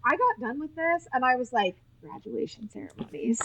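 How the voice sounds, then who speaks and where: A woman from Utah, a nurse, telling animated stories as a podcast guest, often laughing and acting out what people said. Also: sits high, normal speed, creaky, slight background noise, poor audio. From Utah, USA. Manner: animated, laughing, acts out quoted speech. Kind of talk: casual interview storytelling.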